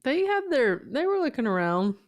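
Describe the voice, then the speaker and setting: A woman co-hosting a podcast, in casual chat with quick, playful interjections. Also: sits high, sing-song. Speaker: podcast co-host.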